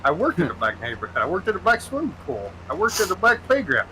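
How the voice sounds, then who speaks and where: Man doing an earnest, meandering elderly politician; bright, bouncy delivery. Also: high-pitched, wildly swooping pitch, fast talker, a little hiss or hum, full character voice, rough recording. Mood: deadpan rambling. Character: rambling elderly male politician.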